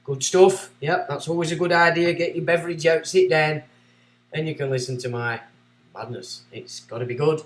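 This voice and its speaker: A man's voice: a little high, steady tone, moderate pace, distant mic. A man hosting a livestream, ranting sarcastically and reading out chat messages. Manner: ranting, sarcastic, swinging between loud and muttered. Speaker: livestream host. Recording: echoey room.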